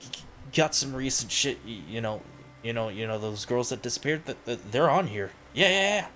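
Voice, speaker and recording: A man's voice: mid-range voice, lively intonation, brisk, sharp tone, a little hiss or hum. A man voicing a twitchy, stammering male drug peddler who repeats himself nervously. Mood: jittery.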